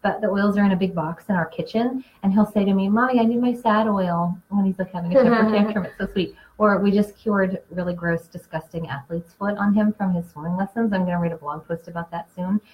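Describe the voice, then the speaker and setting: A woman hosting a casual live class, a chatty storyteller who gets animated telling anecdotes. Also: medium pitch, brisk, few pauses, muffled recording. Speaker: essential oils class host and Reiki practitioner.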